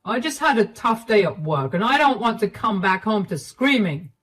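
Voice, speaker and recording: A woman's voice: medium pitch, big pitch swings, normal speed, fairly bright tone, breathy edge. A woman voicing a cold, dismissive middle-aged husband who talks down to his wife curtly. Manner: condescending, curt and dismissive. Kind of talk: storytelling dialogue.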